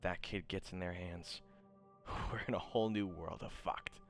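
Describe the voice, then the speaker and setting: A man's voice: low-pitched, steady tone, normal speed, soft background music. A man voicing a menacing young villain boss who gives curt, crude orders over a phone call. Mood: scheming.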